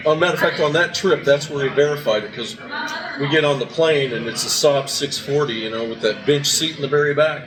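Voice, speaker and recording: Speaking briskly in a slightly high voice, an older man hosts a laid-back breakfast podcast from a restaurant. His stories wander, with many fillers and restarts, and the rough recording carries background music and a crowd behind him.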